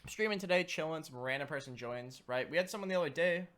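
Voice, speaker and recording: Young male podcast co-host, casual and profane, animated storyteller. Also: on the high side, fast talker. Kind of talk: casual chat.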